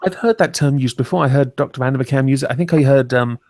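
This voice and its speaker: A man's voice: medium pitch, fast talker, darkish tone, no echo, clean studio sound. A man from England hosting a casual stream chat, wry and self-mocking, often laughing. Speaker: stream host.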